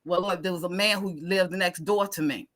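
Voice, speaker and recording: Lady telling a story, bright voice, acts out all the parts. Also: fairly low pitch, normal speed, faint music behind. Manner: expressive, acts out dialogue, Southern American speech patterns. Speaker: guest giving testimony. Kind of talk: animated storytelling testimony.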